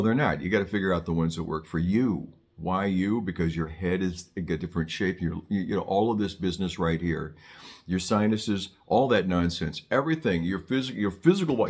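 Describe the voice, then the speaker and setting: A man's voice: sits low, a little mellow. An older man teaching saxophone in a casual, joking way, often restarting his sentences and adding wry asides. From Southern California. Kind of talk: casual on-camera music lesson.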